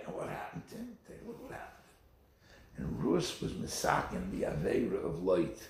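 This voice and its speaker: A man's voice: low voice, moderate pace, creaky, roomy sound. A man giving a sermon, telling stories and acting out the quotes. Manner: animated storytelling with acted quotes. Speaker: rabbi.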